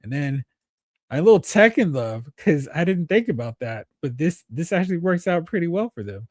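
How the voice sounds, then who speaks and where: A man's voice: fairly high pitch, very animated, moderate pace, dry recording, clean studio sound. A man hosting a toy collecting livestream, chatting casually and enthusiastically with viewers as he goes through their photos. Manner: enthusiastic, rambling, talks to chat viewers. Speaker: toy collecting show host.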